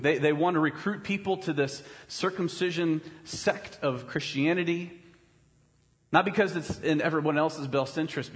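A pastor preaching a sermon in a conversational way, often checking in with rhetorical questions. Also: male voice, on the high side, in a large hall. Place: church.

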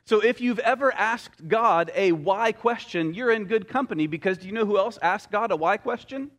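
Pastor, male, slightly high voice, sermon delivery with story hooks and dry asides, drags out key lines for weight. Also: fairly bright tone. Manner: storytelling preacher, slows down on key phrases, light humorous asides.

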